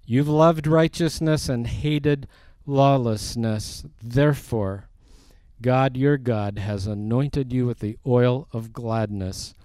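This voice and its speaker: A man's voice: medium pitch, mellow, dry recording. A man teaching a sermon verse by verse, reading scripture aloud and rising in force on the quoted lines. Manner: slow, deliberate, rising for emphasis on quoted scripture. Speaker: preacher.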